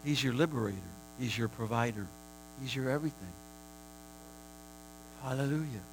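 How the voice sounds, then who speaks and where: A man preaching a sermon, repeating phrases for emphasis and swinging between a hushed, prayerful murmur and high, shouted declarations. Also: quick pace, vocal fry, background noise.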